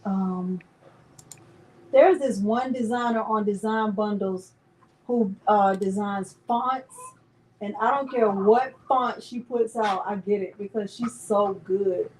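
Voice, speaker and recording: This crafting channel host speaks slowly in a medium-pitched voice with a darkish tone and a slight hiss or hum. On her live stream she chats directly with viewers, playful and self-mocking.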